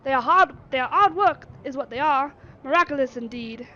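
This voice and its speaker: A brusque female artificer grumbles loudly in a put-on Yorkshire accent, as a woman reading a game acts her out. The voice sits high. A faint hiss lies under a slightly dull, lo-fi recording. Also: animated, brisk. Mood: grumbling. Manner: loud, grumbling, blunt.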